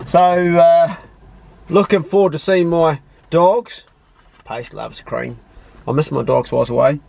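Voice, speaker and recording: A man's voice: fairly high pitch, a little slow, gravelly, a little mellow, slight background noise. A middle-aged man from New Zealand with a New Zealand accent, chatting casually in a travel vlog outdoors on his farm. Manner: easygoing, chatty, talks to his dogs. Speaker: vlogger.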